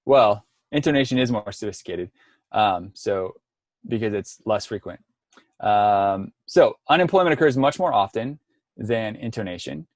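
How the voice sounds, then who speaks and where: Man presenting an online workshop, somewhat low voice, dry close sound, lots of ums, video call. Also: lively intonation, normal speed, no echo. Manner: explanatory, many ums and restarts. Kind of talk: online lecture.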